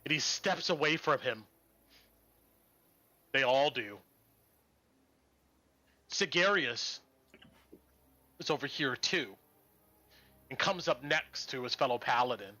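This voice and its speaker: Bright-voiced man narrating as game master. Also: mid-range voice, expressive, takes it slowly, long pauses. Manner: narrates scenes and acts out crowd voices.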